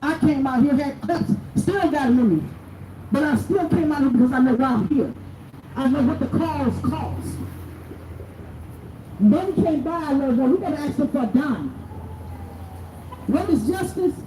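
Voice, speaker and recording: A middle-aged bereaved mother gives a raw, angry speech to a crowd at an outdoor protest by city hall. Her high, expressive, mellow voice moves at normal speed with long pauses. The recording is distant, echoey, and noisy.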